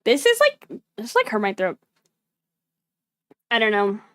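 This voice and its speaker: A woman's voice: fairly high pitch, huge pitch swings, unhurried, fairly bright tone, no echo, clean studio sound. A woman streamer chatting casually while reacting to a video, rambling with lots of filler words. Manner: rambling, lots of "like", self-mocking.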